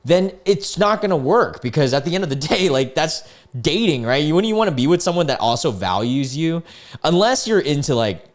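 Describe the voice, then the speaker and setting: A young adult man hosting a casual reaction video about dating chats. He is incredulous and rambling, with animated reactions. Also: fairly high pitch, a little fast. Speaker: host reading online dating chats.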